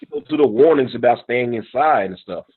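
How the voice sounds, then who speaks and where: A man's voice: medium pitch, expressive, a little fast, husky. A man with an ordinary mid-range voice reports in a plain, matter-of-fact way. He sounds thin and tinny, as though on a phone line. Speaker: panelist. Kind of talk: casual group chat.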